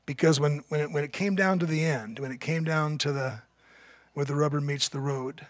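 Brief: male pastor, earnest emphatic sermon delivery, higher voice, dry close sound. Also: moderate pace, no room sound.

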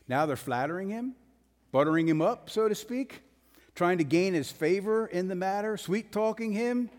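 Male pastor, slightly high-pitched, emphatic sermon delivery, church hall reverb. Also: animated, moderate pace. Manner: blunt, emphatic, rising to forceful peaks.

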